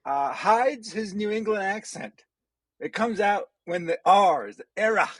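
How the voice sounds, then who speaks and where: Slow, husky-voiced comedian, playful. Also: male voice, sits high, lively intonation, a bit bright, no echo, low-quality recording. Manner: playful and teasing. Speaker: stand-up comedian guest. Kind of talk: comic roast-style introduction.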